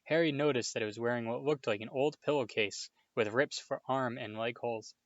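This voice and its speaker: A man reading a storybook aloud as narrator, in a steady, plain voice. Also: mid-range voice, fairly quick, dry recording. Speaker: audiobook reader. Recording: dull, dry home recording.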